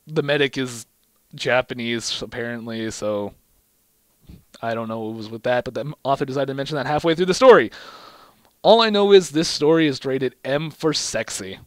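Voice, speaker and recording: A man's voice: medium pitch, moderate pace, no echo. A man hosting his own channel, casually reading a fan fiction story aloud in a wry tone and stumbling over words now and then. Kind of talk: casual amused read-aloud.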